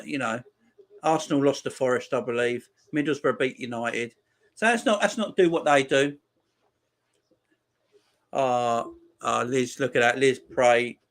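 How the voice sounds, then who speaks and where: Man hosting a football watchalong. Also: medium pitch. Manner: reads viewer messages and gives warm shout-outs; rambling, repeats phrases. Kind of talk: casual live-stream chat.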